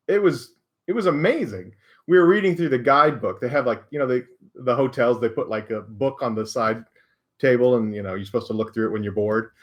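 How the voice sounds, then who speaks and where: An American man at a mid-range pitch, hosting a casual live stream Q&A. He talks in a loose, chatty way and laughs often at his own stories. His humor is self-deprecating. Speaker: maker and live stream host.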